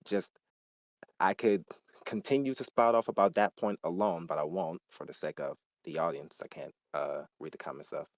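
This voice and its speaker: A man's voice: low voice, steady tone, normal speed, dry recording. A man ranting heatedly and emphatically in a casual gaming discussion.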